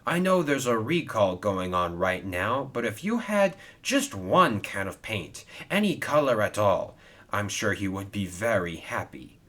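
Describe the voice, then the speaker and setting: A man's voice: fairly low pitch, very animated, measured pace, bright, forceful tone, heavily acted. A man voicing a kind, helpful male steam engine who speaks earnestly and reassuringly.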